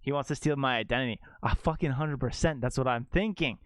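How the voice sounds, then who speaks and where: A man's voice: mid-range voice, fairly quick, no room sound, clean studio sound. A young adult man streaming a game, telling a rambling casual story to viewers with lots of "like" in his speech. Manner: rambling, animated, heavy use of "like".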